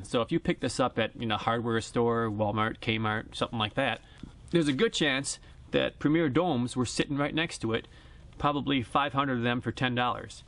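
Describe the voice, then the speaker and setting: A male airgun reviewer jokes his way through a casual product vlog at an outdoor range, speaking plainly and chattily. His voice is mid-range with a fairly bright tone. A directional shotgun mic mounted on the camera picks him up.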